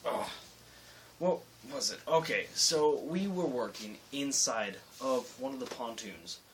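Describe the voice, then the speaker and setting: A man's voice: mid-range voice, lively intonation, takes it slowly, recorded from a distance. A young man vlogging late at night, telling a work story in a rambling, self-interrupting way. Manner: rambling, self-interrupting, with loud acted-out quotes. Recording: faint hiss, voice a bit off-mic.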